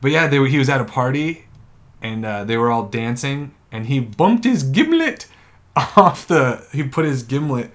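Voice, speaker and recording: A man co-hosting a podcast who chats casually and enthusiastically, often halting and restarting his sentences. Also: medium pitch, very animated, fairly bright tone. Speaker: podcast co-host. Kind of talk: casual chat about a TV series.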